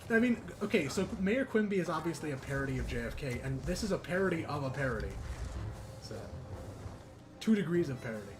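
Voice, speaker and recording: A man's voice: fairly high pitch, sing-song, brisk. A man streaming a video game, chatting casually, joking and swearing freely. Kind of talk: casual chat while gaming. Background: game music.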